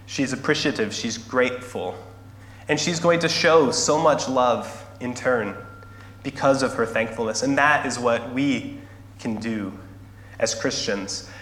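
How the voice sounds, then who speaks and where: An earnest man preaching from the front of a church, his voice sitting in a middling register. He slows and softens to land each point. The sound carries a long reverb from a large hall with a faint hum underneath. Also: mid-range voice. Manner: earnest, slowing and softening for emphasis. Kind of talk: sermon with scripture reading and storytelling.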